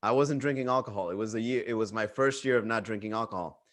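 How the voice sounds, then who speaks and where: A man's voice: fairly low pitch, fast talker, a bit bright. A man doing stand-up storytelling on a virtual livestream, rambling and profane, with frequent restarts and chuckles. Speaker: stand-up comedian.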